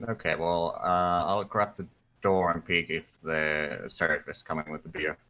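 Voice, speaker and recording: A man playing in a tabletop game, describing his character's actions in a relaxed way. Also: sits low, unhurried, slight background noise. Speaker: player. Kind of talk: casual tabletop play.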